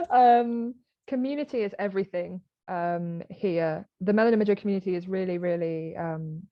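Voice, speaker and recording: British woman, 30s, animated storyteller guest, dry lo-fi recording. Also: medium pitch, normal speed, no room sound. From Britain. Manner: animated storytelling, acting out quoted exchanges. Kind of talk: conversational interview.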